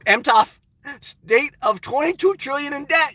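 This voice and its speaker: A man's voice: very high-pitched, animated, takes it slowly, long pauses, bright, forceful tone, no room sound. A middle-aged man chatting casually on a live stream from his parked car, reading out viewers' messages and calling them brother.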